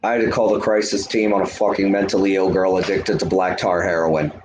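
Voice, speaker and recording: A man's voice: low-pitched, level tone, a little fast, roomy sound, a little hiss or hum. A man livestreaming, ranting at his chat in a heated, profane, lecturing way while smoking a cigarette. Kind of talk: live stream rant to chat.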